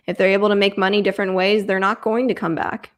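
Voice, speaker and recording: A woman's voice: mid-range voice, level tone, fast. A woman co-hosting a reality show recap in a casual chat, giving firm opinions on the cast's choices.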